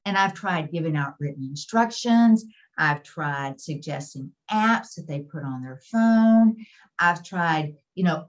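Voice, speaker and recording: A woman's voice: mid-range voice, darkish tone, rough recording. Explanatory woman guest expert. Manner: explanatory, repeats key points. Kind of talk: interview explanation.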